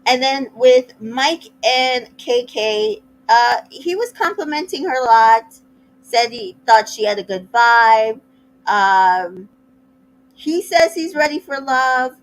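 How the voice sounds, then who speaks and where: A sassy woman chats through a recap with opinionated asides. Her voice sits a touch high, and she takes her time. She slips into quick put-on voices when quoting people. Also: poor audio. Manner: acts out cast members' lines in quick voices. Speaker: recap host. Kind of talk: casual reality TV recap.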